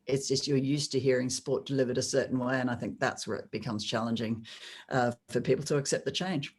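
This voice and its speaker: A middle-aged woman with an Australian accent and a very deep voice, a sports presenter speaking in a measured, reflective way in a podcast interview. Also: steady tone, husky.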